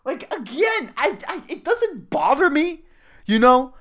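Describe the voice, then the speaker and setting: A man's voice: very high-pitched, sing-song, a little slow, a bit bright. A man hosting a solo comedy podcast, ranting in a profane, rambling way and laughing at his own jokes. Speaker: podcast host.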